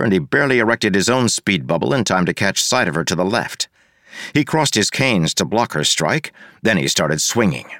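A man narrating an audiobook in a wry, expressive way. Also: low-pitched, no room sound, clean studio sound.

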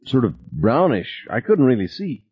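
A man's voice: mid-range voice, wildly swooping pitch, moderate pace, husky, dry recording, voice pushed up. A male reader voicing a frightened young female crew member who speaks in a clipped, formal way. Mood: shaken. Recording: tinny phone-like sound.

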